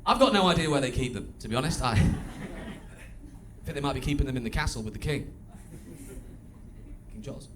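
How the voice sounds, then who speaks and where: A man with a Stoke-on-Trent accent performing a stand-up comedy set on a club stage, chatty and wry, with bursts of loud mimicry. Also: mid-range voice, expressive, fairly quick, long pauses, background noise. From England. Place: comedy club stage before a live audience.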